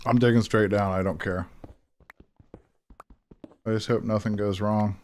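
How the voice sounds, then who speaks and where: Young man, lower voice, casual game commentary, rambling, chatty, talking to himself. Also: steady tone, measured pace, a little mellow, slight background noise. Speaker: gaming channel host. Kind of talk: casual let's-play commentary.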